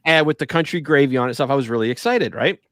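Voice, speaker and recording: A man hosting a casual online chat who tells stories in an animated way, acting out the dialogue and laughing often. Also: medium pitch, rapid-fire, no echo, clean studio sound. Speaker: podcast host. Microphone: video call.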